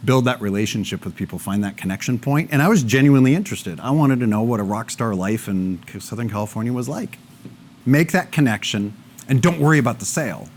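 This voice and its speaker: Animated man telling sales stories. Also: medium pitch, a little fast, a little hiss or hum. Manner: animated storytelling, acting out both sides of dialogues. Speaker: speaker. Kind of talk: live talk to an audience.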